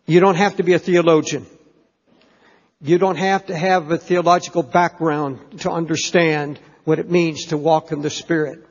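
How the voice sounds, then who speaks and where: A man gives an earnest, deliberate sermon in a fairly high voice, stressing key phrases. His voice rings with long reverb in a church. The recording is muffled and lo-fi. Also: fairly even intonation. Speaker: pastor.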